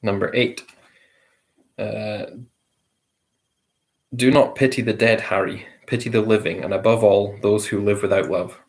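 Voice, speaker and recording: A man with a slightly low voice hosts a casual quiz among friends. He reads each question at an easy pace and repeats it, with the odd light chuckle. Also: steady tone, measured pace, long pauses. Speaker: quiz host.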